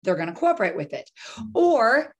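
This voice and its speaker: Woman parenting coach, coaching-session talk, animated delivery, slips into little role-plays. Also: on the high side, normal speed. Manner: lively, acts out scenarios with voices.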